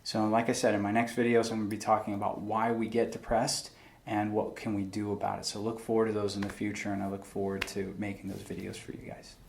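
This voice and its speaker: A man's voice: fairly low pitch, monotone, fast, gravelly, a little hiss or hum. A young man giving an earnest, reflective talk to camera about faith and struggle, quoting scripture in a plain-spoken way. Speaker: faith video host.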